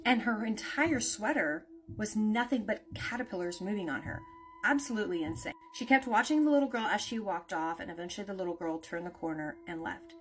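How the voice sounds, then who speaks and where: A woman's voice: medium pitch, a little fast, faint music behind. A woman telling a spooky story in a casual, conversational way, with lots of "like" and "naturally".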